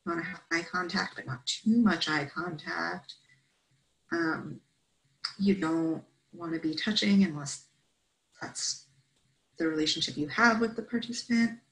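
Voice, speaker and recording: A woman's voice: on the low side, a little slow, pauses often, a bit bright, slight background noise, rough recording. A woman presenting a training session, explaining steps in an instructive way and checking in with "right?" often.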